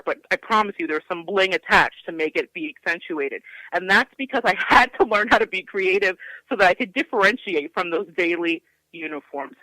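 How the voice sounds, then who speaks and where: An American woman hosting a radio talk show, telling a personal story in an expressive, animated way and then reading a poem aloud. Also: on the low side, no echo, low-quality recording. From United States.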